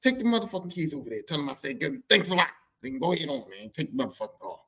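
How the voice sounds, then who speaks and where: A man voicing his gruff, stubborn father as a brash, cussing grown man who orders people around. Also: fairly high pitch, sing-song, racing, pushed and bright, distant mic, full character voice. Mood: bossy.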